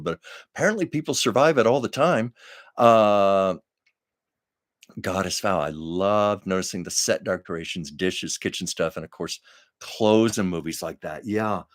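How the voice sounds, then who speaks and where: Speaking in a low voice, an older man hosts a live stream and spins rambling stories. His delivery is chatty and casual, full of fillers.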